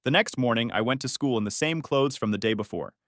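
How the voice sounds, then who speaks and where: A young man narrating a first-person story in an even, reflective way. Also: medium pitch, fast talker, no room sound, clean studio sound.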